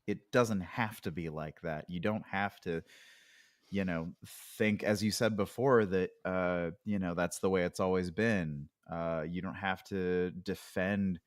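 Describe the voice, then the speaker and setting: Deep-voiced man, reflective podcast guest. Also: fairly even intonation, unhurried, dry recording, studio quality. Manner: reflective, hesitant, with many fillers and restarts. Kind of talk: casual podcast conversation.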